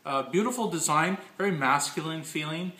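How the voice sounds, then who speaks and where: A man's voice: fairly high pitch, fairly quick, sharp tone. A man who owns a design studio gives a casual show-and-tell, chatty and gushing with crude offhand asides. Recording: echoey room.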